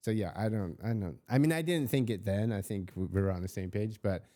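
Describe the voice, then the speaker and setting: A man's voice: on the low side, a little fast, warm tone. A man co-hosting a podcast, chatting in a wry, laid-back way and swearing casually. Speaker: podcast co-host. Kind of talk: casual recap chat.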